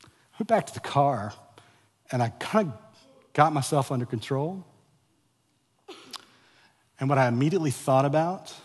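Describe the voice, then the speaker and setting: A pastor in his forties preaching a sermon, moving from a quiet, confessional personal story to loud, emphatic exhortation, with frequent stumbles and repeated words. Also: mid-range voice. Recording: long reverb of a large hall.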